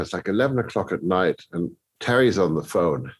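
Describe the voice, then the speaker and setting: Husky, animated composer talking shop. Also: male voice, on the low side, brisk, few pauses. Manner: animated storyteller, many restarts, acts out others' reactions. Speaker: film composer, guest. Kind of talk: conversational podcast interview.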